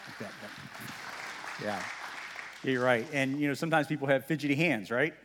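A man's voice: mid-range voice, moderate pace, a bit bright, some chatter behind, a little hiss or hum. A male pastor giving a sermon in a conversational, folksy way, with casual asides to the congregation. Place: church sanctuary. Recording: long reverb of a church hall.

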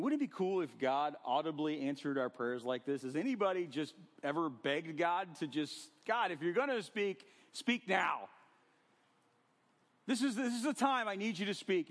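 A man preaching a sermon to a congregation, animated and conversational, acting out scenes with sudden swings in loudness. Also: a little high, slightly rough. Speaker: pastor. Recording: long hall reverb.

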